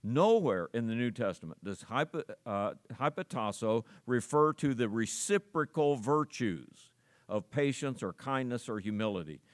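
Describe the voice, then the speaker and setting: Male pastor, sermon, mid-pitched voice, punches key words, uh-filled, dead dry sound. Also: expressive, normal speed, dry recording. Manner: emphatic, rises sharply on key words; frequent "uh" fillers and restarts. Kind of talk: expository sermon.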